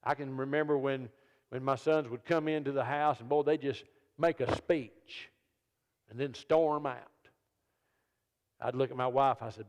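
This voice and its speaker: A man, an evangelist and comedian telling funny stories in a sermon and jumping into loud high voices when he quotes people. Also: normal speed. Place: church service. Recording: long reverb of a church hall.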